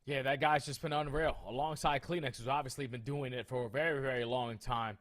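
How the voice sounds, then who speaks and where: Male esports co-caster, emphatic and excitable, casual slang, mid-range pitch. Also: fairly quick.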